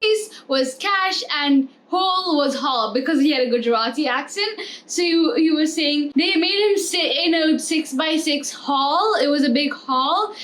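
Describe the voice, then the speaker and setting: A woman's voice: high-pitched, expressive, a little slow, fairly bright tone. A teenage girl hosting a jokey, rambling comedy vlog. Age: teens. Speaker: vlogger.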